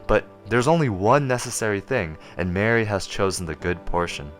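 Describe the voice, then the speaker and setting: A man voicing a gentle, loving teacher who speaks softly, calmly and invitingly. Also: on the low side, normal speed, soft background music, close to an everyday voice. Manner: soft, calm, inviting.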